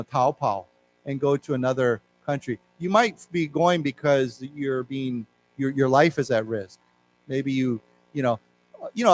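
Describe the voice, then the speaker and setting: A man teaching an English class in a library, explaining word meanings and leading learners in repeating words aloud. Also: mid-range voice. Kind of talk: live English lesson for learners. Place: library lecture room.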